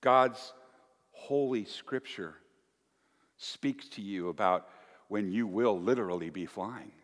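Animated man preaching in an echoey church. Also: lowish voice, slow. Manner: animated, folksy, with playful asides. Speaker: pastor. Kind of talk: sermon.

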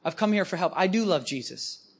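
Man acting out a frustrated man, pleading, urgent, high strained voice. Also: animated, brisk, breathy edge, exaggerated voice. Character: distressed man pleading for advice.

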